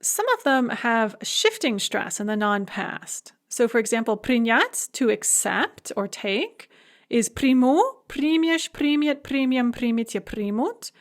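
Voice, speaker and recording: A woman's voice: fairly high pitch, expressive, measured pace. Methodical woman teaching a lecture. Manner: methodical, spells out verb forms one by one. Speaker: language teacher. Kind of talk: recorded lecture.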